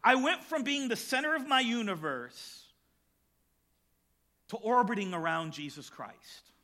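A middle-aged male pastor preaching, telling a personal story with lively acted-out voices and then reading scripture aloud. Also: extremely high pitch, measured pace. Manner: animated storytelling, acts out shouts and voices.

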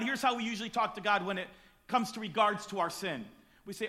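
High, lively man preaching a sermon. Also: fairly quick. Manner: swings from quiet to shouting.

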